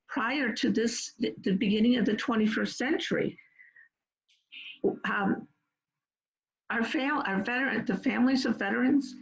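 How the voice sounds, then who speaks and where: A woman's voice: a little high, creaky, lo-fi sound. A woman presenting an online workshop, explaining things earnestly and step by step. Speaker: webinar presenter on peer support.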